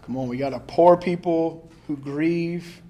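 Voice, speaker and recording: Laid-back pastor telling a story. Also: male voice, fairly high pitch, a little slow, warm tone. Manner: conversational, laughing often, lots of filler "like". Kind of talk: casual sermon with storytelling.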